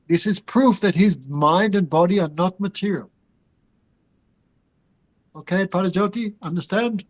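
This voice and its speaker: A man's voice: high voice, a little slow, long pauses, low-quality recording. A man teaching a scripture class. He chants Sanskrit and Bengali verses and then explains them, turning to his students with asides. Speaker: spiritual teacher.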